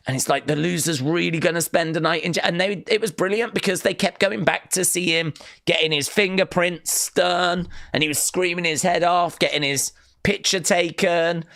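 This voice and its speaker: A man's voice: high-pitched, steady tone, moderate pace, vocal fry, bright, forceful tone, no room sound, clean studio sound. A man hosting a wrestling live stream, chatting casually and rambling through fond memories with plenty of fillers. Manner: rambling, reminiscing, with fillers and acted-out quotes.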